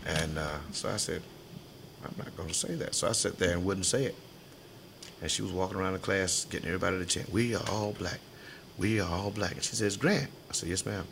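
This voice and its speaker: An older man remembers his school days for an oral history interview. His voice sits very low and gravelly, and he laughs easily while acting out the people in his stories. A faint background hiss runs under the recording. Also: fast, fairly bright tone. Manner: folksy storyteller, laughs often, acts out voices in his stories.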